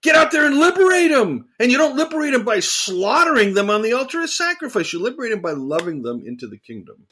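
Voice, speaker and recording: A man co-hosting a casual theological discussion, talking in an animated, emphatic way and repeating phrases for emphasis. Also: extremely high pitch, fast, hardly any pauses, husky. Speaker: podcast co-host.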